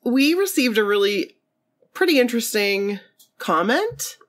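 A woman co-hosts a chatty podcast with a friend. She laughs easily and sounds sniffly from a cold. Her voice sits high and moves a lot. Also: big pitch swings, measured pace. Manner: giggly, emotional, laughs to tears. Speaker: podcast co-host. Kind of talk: casual chat.

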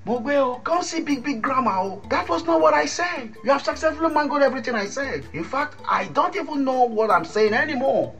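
A woman voicing an evasive, cheating young man in a radio drama, with a defensive, excitable manner. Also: high-pitched, fairly quick, hardly any pauses, soft background music. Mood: placating.

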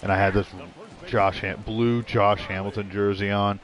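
A man's voice: lowish voice, level tone, moderate pace. A man giving casual, rambling commentary while playing a video game, blunt and full of swearing. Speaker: gaming streamer. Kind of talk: casual let's-play commentary.

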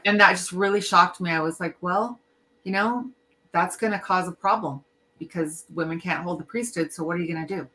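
A middle-aged woman talks on a casual podcast in a bright, tense voice. She states her opinions emphatically, with an indignant edge. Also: on the low side, a little fast. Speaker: podcast co-host. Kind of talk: casual discussion.

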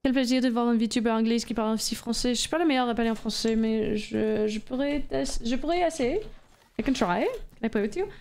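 A woman streaming a game and chatting with her viewers in a loose, playful way. Her voice sits a little high, and she swears, laughs easily and reads messages from chat aloud. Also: fast, a little mellow. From Canada. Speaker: VTuber streamer. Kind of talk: casual live-stream chat while gaming.

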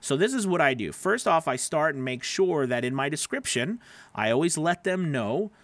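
A man's voice: on the high side, expressive, normal speed, a bit bright, no room sound. A man, a voice actor, hosting a casual live stream, rambling with lots of fillers and restarts while answering viewer comments by name.

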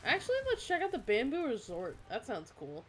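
A woman's voice: on the high side, very animated, a little fast, a little hiss or hum. A woman streamer chatting casually with a friend while playing a game, giggling often and shrieking when she gets scared. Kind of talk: casual gaming chat with a friend.

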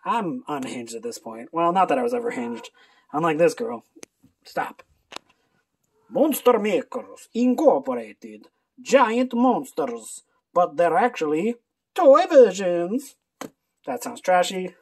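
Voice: mid-range voice, big pitch swings, a little slow, breathy edge. Sarcastic booktuber, rambling casual haul, swears freely. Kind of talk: casual book haul video.

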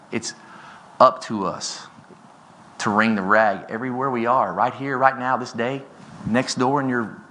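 A man in his forties delivers a motivational keynote to a conference audience. His voice is bright and forceful, sitting in a middle register. He tells stories energetically, his pitch and volume often climbing as he builds to a point. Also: slight background noise. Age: 40s. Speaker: keynote speaker. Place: conference stage before an audience.

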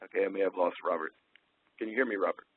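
A man presenting a technical webinar, relaxed and full of ums and uhs as he thinks aloud. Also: sits low, fast, husky, no room sound. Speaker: webinar presenter, sales engineer. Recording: tinny phone-line audio.

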